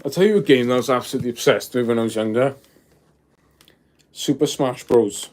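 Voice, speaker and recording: Young male streamer in his twenties, casual and excitable, mid-range voice. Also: mid-range voice, brisk. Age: 20s. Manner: excitable, peppers speech with "bro", reads chat aloud. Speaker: live streamer. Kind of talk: casual live stream chat.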